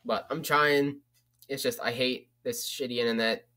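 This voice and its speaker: A man's voice: medium pitch, steady tone, moderate pace, pushed and bright. A young man vlogging in a casual, rambling way, with loose talk and frequent swearing. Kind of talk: casual vlog chat.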